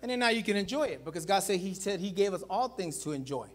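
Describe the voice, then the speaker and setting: A pastor preaching a sermon in an animated way, calling out to the congregation and swinging between loud calls and low, quiet emphasis. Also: male voice, fast. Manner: animated preaching, repeats "watch this" and "guys".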